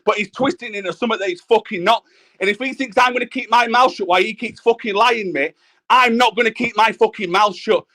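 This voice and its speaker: Furious high-voiced man ranting. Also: fairly quick, sharp tone. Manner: angry, ranting, swearing constantly. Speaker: livestream panel guest. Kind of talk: heated argument on a livestream panel.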